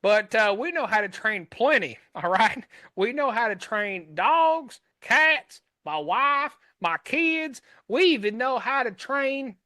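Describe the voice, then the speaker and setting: Picture a brash southern country boy, as a man puts him on in an improv sketch, with a thick fake Southern drawl and a boastful, indignant streak. His voice is high and bright, recorded close and dry. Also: animated, slow, dry recording, heavily acted. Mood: indignant, folksy. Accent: put-on American Southern.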